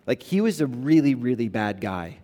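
A man's voice: medium pitch, very animated, normal speed, warm tone, in a large hall. A man in his thirties preaching a sermon, talking casually and telling stories with many "like"s and "you know"s. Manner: conversational, storytelling, many fillers. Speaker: pastor.

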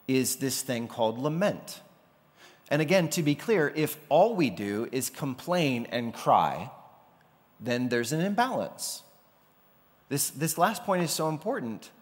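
A man gives a relaxed, conversational sermon at a middle pitch. His voice rings out with a long reverb tail from a large hall. Now and then he slips into the voices of the people he quotes. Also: unhurried. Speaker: pastor.

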